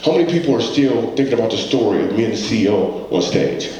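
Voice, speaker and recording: A man's voice: lowish voice, expressive, quick pace. A comedian gives an earnest, conversational motivational talk from a stage, weaving stories and rhetorical questions to the crowd. His voice rings through a very echoey hall, with a faint hiss of background noise. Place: stage before a live audience.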